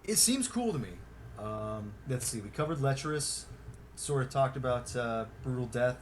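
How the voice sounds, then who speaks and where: A male podcast host talking loosely in an everyday voice of ordinary pitch. He rambles, restarts and swears freely. A faint hiss of noise sits under the voice. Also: animated, moderate pace. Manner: rambling, profane, heavy on fillers. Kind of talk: casual podcast chat.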